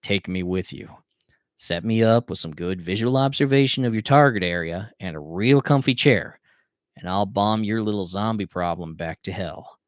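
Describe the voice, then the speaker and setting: A cocky Southern airman in a slow drawl, as a man puts him on for a story reading. The voice sits low and the sound is dry and close, with no room around it. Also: no echo, natural voice. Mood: confiding. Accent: Southern US drawl, put on. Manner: slow laid-back drawl. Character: Southern Air Force controller, cocky, easygoing.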